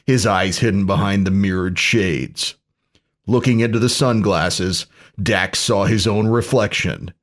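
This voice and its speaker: A man narrates a parody pulp story in a dry, deadpan way. His voice is fairly low, and he reads at a very unhurried pace.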